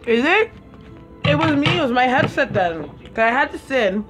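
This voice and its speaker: A woman's voice: sits high, expressive, normal speed, over music. A woman with a Caribbean accent hosting a casual live stream, chatting and eating while she answers viewers' comments. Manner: chatty, eats while talking, reads viewers' comments aloud. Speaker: livestream host.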